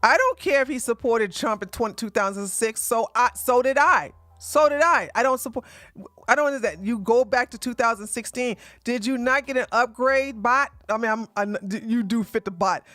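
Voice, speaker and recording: A man's voice: extremely high pitch, sharp tone, no room sound. Profane, combative livestream man. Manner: repeats lines for emphasis, laughs scornfully. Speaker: livestream host. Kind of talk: livestream commentary rant.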